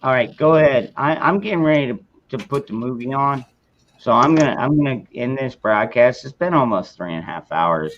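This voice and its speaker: A man's voice: medium pitch, animated, a little fast, a bit bright, slight background noise. A man hosting a livestream, chatting in a loose, cussing and self-mocking way. His voice comes through dull and a bit muffled. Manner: laid-back, profane, self-mocking. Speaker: livestream host. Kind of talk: casual livestream chat.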